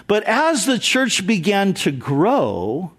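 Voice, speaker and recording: Pastor, male, middle-aged, high-pitched voice, earnest storytelling sermon delivery. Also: wildly swooping pitch, slow pace, fairly bright tone.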